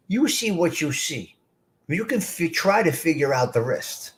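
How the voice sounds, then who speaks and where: A middle-aged man hosts a live stream in a blunt, streetwise way. His voice sits a little high for a man. He talks straight to his chat as if they were at the table with him. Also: sing-song, a little slow. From North Jersey. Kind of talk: casual live chat reading comments.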